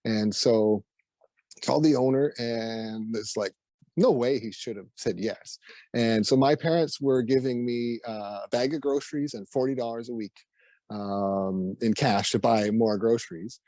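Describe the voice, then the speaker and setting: A man's voice: medium pitch, measured pace, warm tone, no room sound. Canadian guy chatting easy, tells stories, laughs a lot, dry close sound. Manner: laughs often, acts out quoted voices. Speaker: guest musician. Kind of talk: casual storytelling interview.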